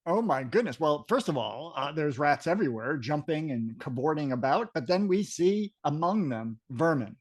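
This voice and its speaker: A man's voice: fairly high pitch, sing-song, normal speed, few pauses. Podcast cohost guy, lots of ums, voice bounces up and down. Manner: chatty, hesitant, with many fillers. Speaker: podcast co-host. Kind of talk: casual chat.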